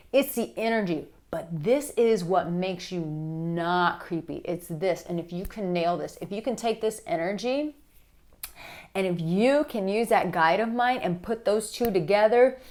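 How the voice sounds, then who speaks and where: A woman dating coach giving casual advice straight to camera, animated and blunt, with some swearing. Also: lowish voice. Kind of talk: direct-to-camera advice vlog.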